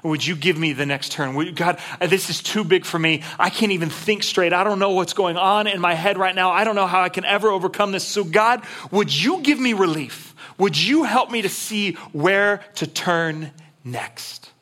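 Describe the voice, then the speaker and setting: A man's voice: high voice, normal speed, pushed and bright. A preacher voicing an overwhelmed man praying. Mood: pleading. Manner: pleading, emotionally overwhelmed. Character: anguished man pleading to God in prayer.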